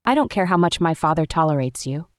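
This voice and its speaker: A prim, strict young businesswoman, read by a woman, formal and clipped in every word. Her voice sits low and the recording is dry and close, like a storybook audiobook. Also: lively intonation, quick pace, no room sound. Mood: stern.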